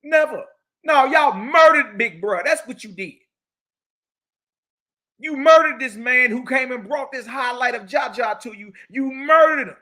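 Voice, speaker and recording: A man, holding forth in a lively religious lecture. He reads a passage aloud in a higher, bright voice, then breaks off to mock and preach in slangy asides. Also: unhurried. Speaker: teacher. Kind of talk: animated religious lecture reading from a book.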